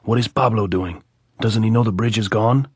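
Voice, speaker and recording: An actor playing a rough, impatient male guerrilla fighter who curses, in an audiobook. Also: lowish voice, moderate pace, no echo, clean studio sound. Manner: impatient, cursing.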